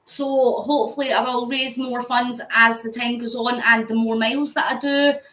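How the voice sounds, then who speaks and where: On a low-quality recording in an echoey room, a woman from near Glasgow hosts a cycling live stream for fundraising, chatting and laughing as she answers viewers' comments. Her voice is a little high, pushed and bright, delivered flatly at normal speed.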